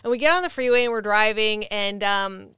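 A woman's voice: medium pitch, a little fast, bright, forceful tone, clean tone, no room sound, studio quality. A woman comedian telling a story as a podcast guest, rambling and swearing, packed with fillers. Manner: rambling, filler-heavy and profane.

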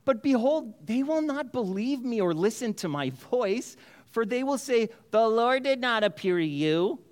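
A man's voice: extremely high pitch, animated, a little slow, pitched above the performer's own voice. A man voicing a hesitant male prophet who stammers and pleads. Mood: pleading.

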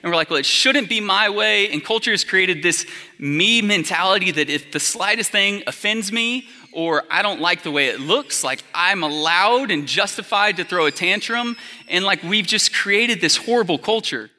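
A man in his thirties delivers a sermon from a church hall, his voice pitched high and very bright. He preaches in a loose, storytelling way, packed with fillers. Long reverb trails every phrase. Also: lively intonation, normal speed. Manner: conversational storytelling with many fillers. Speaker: pastor.

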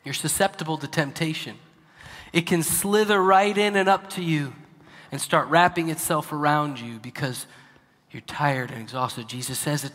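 A male pastor preaching a sermon, dropping to hushed, near-whispered lines and then rising to loud, emphatic preaching. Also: on the high side, normal speed, long reverb tail.

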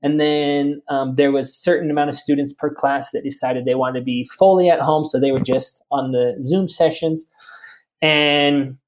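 Relaxed, friendly man teacher as a guest. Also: fairly high pitch, moderate pace. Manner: relaxed and friendly, many fillers. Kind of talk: casual interview talk.

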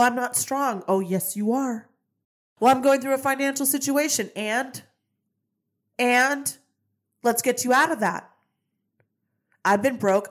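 A woman hosting a podcast, giving a fervent, emphatic spiritual pep talk. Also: fairly high pitch. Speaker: podcast host. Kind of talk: motivational monologue.

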